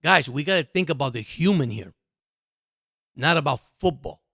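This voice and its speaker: A man hosts a sports podcast with a passionate commentary monologue, talking straight to listeners he calls guys and repeating himself emphatically. His slightly high voice has a sharp tone, lively intonation and normal speed, in studio quality with no room sound.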